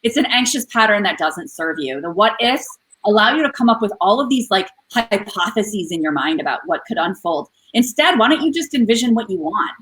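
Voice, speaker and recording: A woman in her thirties co-hosting a casual talk, telling her story openly with lively acted-out quotes. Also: mid-range voice, a little fast, few pauses, low-quality recording. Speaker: podcast co-host. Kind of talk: casual chat.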